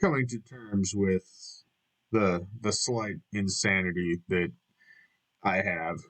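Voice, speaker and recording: A man's voice: low-pitched, steady tone, slow pace, a bit bright, poor audio. A middle-aged man rambling through a casual vlog monologue, jokey and self-mocking, with frequent swearing. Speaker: vlogger.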